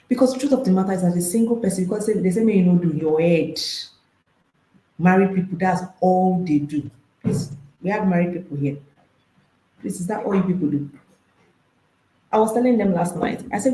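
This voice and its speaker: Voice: medium pitch, normal speed, long pauses, dark tone, echoey room, low-quality recording. A marriage and intimacy coach, speaking to an audience, emphatic and repeating phrases, firing off rhetorical questions.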